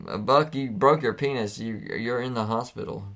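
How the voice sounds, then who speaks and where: A man teasing his friend with deadpan absurd jokes in crude comedic banter over a phone call. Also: mid-range voice, normal speed.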